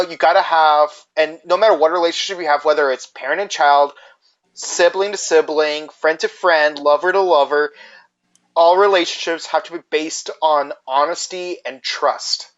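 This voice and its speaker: A man's voice: on the high side, fairly bright tone, clean tone. A man co-hosting a podcast in casual chat, speaking in an earnest, reflective way. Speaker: podcast co-host. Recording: muffled lo-fi podcast audio.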